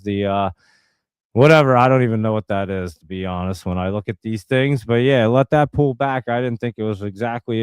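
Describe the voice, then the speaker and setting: Man with a smooth, dry voice. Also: medium pitch, a little mellow, no echo. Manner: rambling, joking, loose and off-the-cuff. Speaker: livestream host. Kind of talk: casual live market commentary reading chat.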